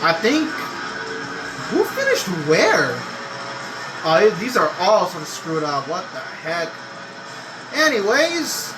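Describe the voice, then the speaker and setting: High-voiced excitable young man gaming. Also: low-quality recording. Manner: excitable, swearing, yells at the game. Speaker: racing game streamer. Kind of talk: gameplay commentary.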